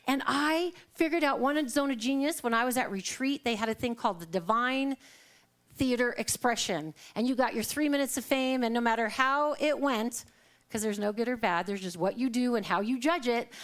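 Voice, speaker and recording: A woman's voice: on the high side, moderate pace. A middle-aged woman minister giving a live sermon in a church, telling stories in a chatty way and acting out the quotes, often laughing. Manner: conversational, storytelling with acted quotes and laughter. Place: church sanctuary.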